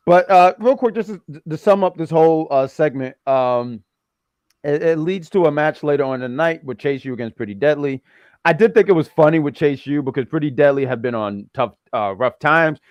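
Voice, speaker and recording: A man's voice: fairly high pitch, animated, brisk, no room sound, lo-fi sound. A man co-hosting a wrestling review show, joking and rambling in casual chat.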